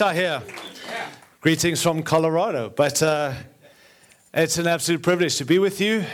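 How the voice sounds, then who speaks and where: A middle-aged man with a mixed Australian and American accent preaching a sermon as a guest speaker, earnest with joking asides and repeated phrases. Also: on the high side. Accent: Australian-American mix.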